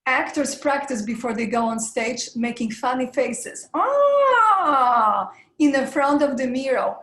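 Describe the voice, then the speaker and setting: A woman leads a live online coaching session in an encouraging tone, talking her listeners through breathing and vocal warm-ups. Her voice sits fairly high. The sound carries a noticeable room echo, as if she is speaking into a video call from a hard-walled room. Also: fairly even intonation, normal speed. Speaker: webinar presenter, voice coach.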